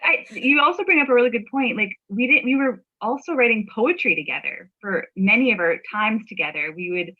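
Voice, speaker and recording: A woman hosting a casual podcast chat with a friend, agreeable and quick to affirm. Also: fairly high pitch, expressive. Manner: warm, agreeable, lots of affirming yeahs. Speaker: podcast host. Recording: dull lo-fi audio.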